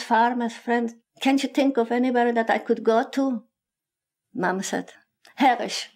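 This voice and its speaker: An older woman from Poland, telling her own story in a halting, plain way. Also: medium pitch. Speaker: interviewee. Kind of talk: personal testimony.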